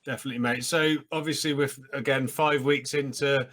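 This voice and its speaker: A man's voice: medium pitch, fairly even intonation, a little fast, a bit bright. An English man hosting an interview, chatty and stumbling over his words while he tells anecdotes. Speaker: host, former cricketer. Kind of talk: casual interview chat.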